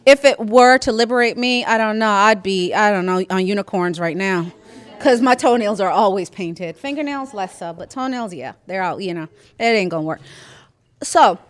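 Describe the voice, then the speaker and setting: A woman scholar speaks on a conference panel with a crisp, resonant voice that is recorded close and dry. She delivers her points with emphasis and keeps checking in with the room through short tag questions. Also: mid-range voice, no room sound. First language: immigrant. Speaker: academic panelist.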